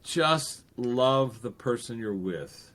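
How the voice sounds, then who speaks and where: A man talking as a podcast guest in a casual interview, animated and quick to act out the voices he quotes, often restarting his sentences. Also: mid-range voice.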